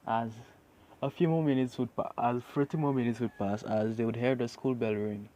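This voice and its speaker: A man's voice: medium pitch, fairly even intonation, normal speed, warm tone. A man narrating an improvised fan story, rambling with many restarts.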